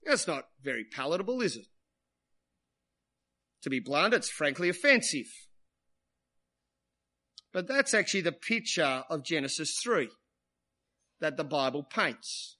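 Guy preaching a sermon, high bright voice, chatty, keeps asking the crowd isn't it, don't we. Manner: conversational, asks the congregation tag questions; shifts between quiet, slow emphasis and lively bursts.

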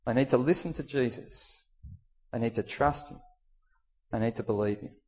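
An Australian man preaching a sermon in a mid-range voice. He tells the story in an animated way, acting out the figures' lines and pushing his voice up high for the worried questions. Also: normal speed. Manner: animated, voices the disciples and Jesus with rising pitch. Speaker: pastor.

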